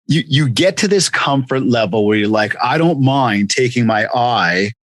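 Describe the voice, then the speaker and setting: A man hosting a podcast interview, chatting casually and telling lively stories with acted-out quotes. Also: mid-range voice, moderate pace, no echo. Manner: animated storyteller, acts out quotes. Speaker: podcast host.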